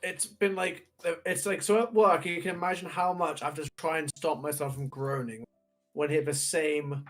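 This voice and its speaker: A man's voice: on the high side, steady tone, normal speed, fairly bright tone. Rambling Bristolian man co-host. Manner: rambling, many restarts and fillers. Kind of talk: casual chat.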